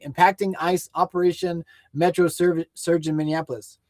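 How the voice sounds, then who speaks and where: A man co-hosting a livestream news show, ranting angrily and swearing, rising to shouts at times. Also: high voice, no echo. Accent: American. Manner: angry, profane, shouting at times. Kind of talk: heated ranting livestream commentary.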